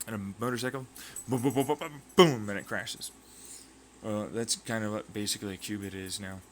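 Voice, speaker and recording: A man hosting his own channel, talking through a rambling, excitable science monologue full of tangents, sound effects and swearing. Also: on the low side, fairly quick, a little hiss or hum. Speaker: channel host.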